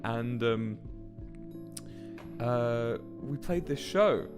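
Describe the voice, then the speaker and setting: A man's voice: medium pitch, animated, drawn-out words, music in the background. A man in his twenties tells a rambling story casually on a livestream and swears often. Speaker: musician and streamer.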